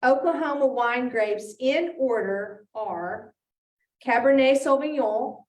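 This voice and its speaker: A woman's voice: high voice, slow. Chatty woman presenting in an echoey room. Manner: chatty, hesitant with fillers. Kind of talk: casual educational chat. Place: heritage center room. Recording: echoey room, mic far off.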